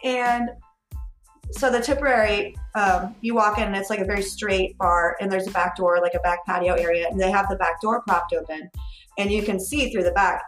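A woman's voice: medium pitch, steady tone, moderate pace, echoey room, faint music behind. A woman co-hosting a podcast, telling a story in casual chat, acting out quotes and laughing often. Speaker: podcast co-host.

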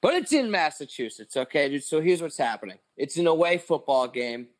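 A man's voice: on the high side, big pitch swings, fairly quick. A man in his twenties, a podcast co-host, telling a long story in casual chat, rambling with lots of "like" and swearing.

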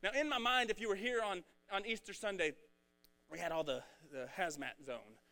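A man preaching a casual, energetic sermon, talking in a rambling, conversational way. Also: high-pitched, moderate pace, creaky. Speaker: pastor.

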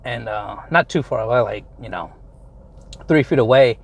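A man's voice: medium pitch, normal speed, gravelly. A young man casually retelling a story from his car, rambling, swearing a lot and breaking off mid-sentence. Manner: rambling, profane, self-interrupting retelling. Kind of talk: casual storytelling while driving.

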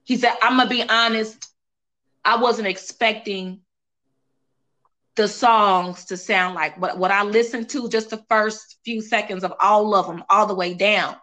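A woman, a singer sharing a personal story in a casual interview, animated and quoting others with repeated phrases. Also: medium pitch, a little slow.

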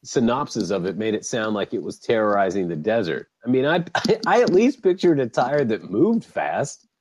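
A man hosting a casual podcast chat, animated and swearing freely, laughing often. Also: on the low side, normal speed, a little hiss or hum, poor audio. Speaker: podcast host.

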